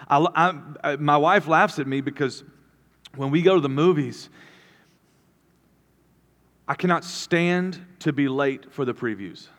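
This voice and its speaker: A man's voice: on the high side, unhurried, long pauses, fairly bright tone. A man preaching a sermon as a pastor, talking earnestly and rambling through restarts. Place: church auditorium. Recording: long hall reverb.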